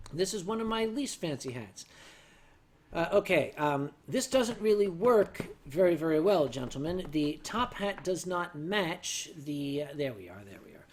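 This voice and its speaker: A man hosting a casual livestream and answering viewer questions with dry, deadpan humor, loose and tipsy as he sips sake. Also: fairly high pitch, a little hiss or hum. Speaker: livestream host.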